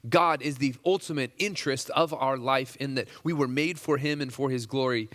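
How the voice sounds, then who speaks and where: Bright-voiced male pastor in a hall. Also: mid-range voice, moderate pace. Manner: conversational, many restarts and fillers, animated. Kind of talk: casual sermon.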